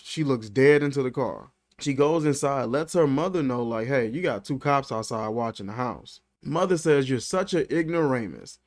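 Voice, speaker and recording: A man giving a casual movie review, animated and incredulous, talking in loose slang. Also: on the high side. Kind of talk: casual film commentary.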